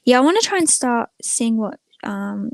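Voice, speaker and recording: A woman's voice: on the high side, sing-song, normal speed, no echo. A woman chatting casually to viewers during a live stream from a room at home, rambling and filling her talk with "like" and "um". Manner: rambling, many filler words, chatting to viewers. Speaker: small channel live streamer. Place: room at home with the door closed.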